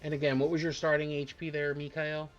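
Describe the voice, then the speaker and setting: A man's voice: a little high, little pitch movement, brisk, muffled recording, soft background music. A man narrating as dungeon master on a live-streamed tabletop game, casual and rambling with fillers.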